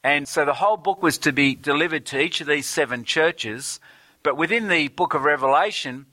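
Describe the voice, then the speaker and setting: A man's voice: on the high side, pushed and bright, no echo. A man preaching a sermon in an earnest way, reading scripture aloud and asking the congregation rhetorical questions.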